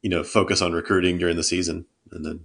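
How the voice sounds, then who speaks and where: Deep-voiced man rambling in podcast chat. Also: level tone, fast talker, gravelly, a bit bright. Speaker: podcast co-host. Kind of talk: casual chat.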